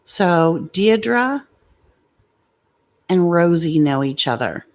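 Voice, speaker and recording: A middle-aged woman with a lowish, expressive voice draws out her words while hosting a casual livestream. She's blunt and combative toward commenters, swearing freely.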